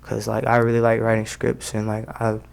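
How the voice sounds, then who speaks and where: A man's voice: fairly low pitch, monotone, brisk, creaky, clean tone. A young man, a rapper, talking casually in an interview, full of slang and fillers. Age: young adult. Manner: slangy, loose, many fillers. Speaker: rapper guest.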